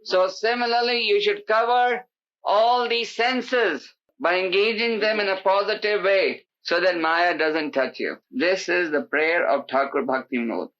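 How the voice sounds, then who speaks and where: Animated man preaching, bright voice. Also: high voice, a little slow. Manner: animated, acts out quoted voices, pleading and emphatic. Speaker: spiritual teacher. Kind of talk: sermon to a live gathering. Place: indoor hall with an audience. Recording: dull lo-fi tape recording.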